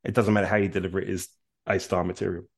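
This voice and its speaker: A man from England, co-host of a comedy podcast, blunt and deadpan in his banter. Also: low-pitched, very fast, vocal fry. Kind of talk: casual banter.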